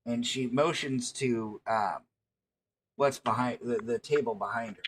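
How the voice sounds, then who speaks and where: A man narrating as game master in a tabletop game, halting and restarting often with fillers. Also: mid-range voice, a little hiss or hum.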